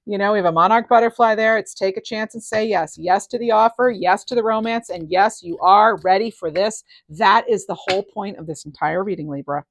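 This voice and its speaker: A middle-aged woman giving a casual tarot reading, enthusiastic and animated, her voice rising and falling in loudness. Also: medium pitch, fairly quick, no echo, clean studio sound. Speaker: tarot reader.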